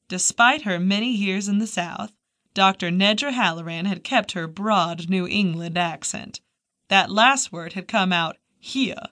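A woman's voice: mid-range voice, a little slow, fairly bright tone. Woman reading a mystery audiobook. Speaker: audiobook narrator. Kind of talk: scripted narration of a mystery novel.

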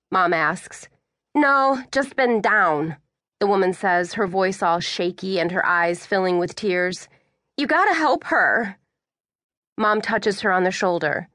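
A woman reading a first-person audiobook in a measured storytelling way. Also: medium pitch, dry recording, studio quality. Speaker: audiobook narrator.

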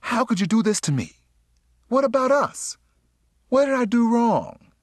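A man voicing a sharp-tongued young woman in an audiobook, speaking with sassy indignation. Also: very high-pitched, very animated, measured pace, no echo, studio quality, voice pushed up, full character voice. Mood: pleading.

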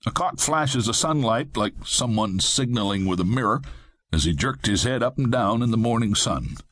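A man narrating a western audiobook in the first person, with measured, plain-spoken delivery. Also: mid-range voice, lively intonation, a bit bright, dry recording.

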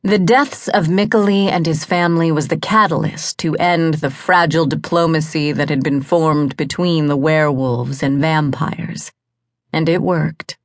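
Female audiobook narrator, low register, slow and measured, dramatic. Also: no echo, clean studio sound.

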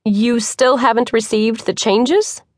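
A woman narrator voicing a confident young woman who runs a construction firm, brisk and teasing in her manner. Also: fairly high pitch, a little mellow, no room sound, clean studio sound, pitched above the performer's own voice.

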